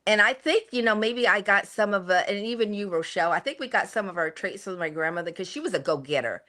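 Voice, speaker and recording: A woman's voice: medium pitch, quick pace. A woman in her sixties, a mother telling family stories in a casual chat, laughing often. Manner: animated, laughing storyteller. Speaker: guest, the host's mother.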